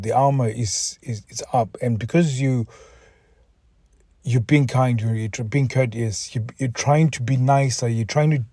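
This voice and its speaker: A relationship coach hosts a solo podcast, speaking earnestly while sounding mentally exhausted and emotional. He often repeats words and restarts sentences, his medium-pitched voice warm in a dry, studio-quality recording.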